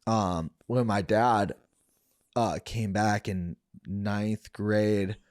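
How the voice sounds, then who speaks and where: Guy on a podcast rambling thru his story, swears a lot, kinda low voice, dry sound. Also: steady tone, drawn-out words, a little mellow, no echo. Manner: rambling, profane, many fillers. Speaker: podcast guest, former fighter. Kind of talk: casual storytelling interview.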